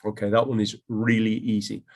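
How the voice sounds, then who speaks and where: A man teaching an online English class, talking in a relaxed, chatty way with many ums and restarts. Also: fairly low pitch, brisk, gravelly.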